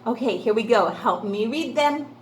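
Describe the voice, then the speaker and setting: Sing-song high-voiced woman teacher. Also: animated, normal speed, echoey room, a little hiss or hum. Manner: sing-song, encouraging, asks questions and answers them herself. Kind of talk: phonics lesson for young children.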